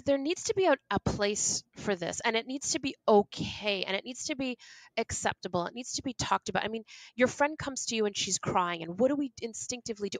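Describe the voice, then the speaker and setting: Gravelly, passionate woman guest in her forties. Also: a little high, dry recording, low-quality recording. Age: 40s. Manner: passionate, animated, lots of restarts and laughs. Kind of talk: candid interview conversation.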